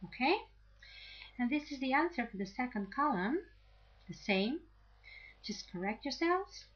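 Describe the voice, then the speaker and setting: A woman's voice: high-pitched, lively intonation, measured pace, a bit bright, husky. A woman teaching an English grammar lesson, explaining patiently and checking in with "okay?" after each point. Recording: slightly dull lo-fi audio.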